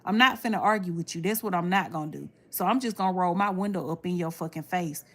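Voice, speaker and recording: Woman, blunt, animated, swears freely, casual storytelling. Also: lowish voice, fast talker. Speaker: livestreamer talking to viewers.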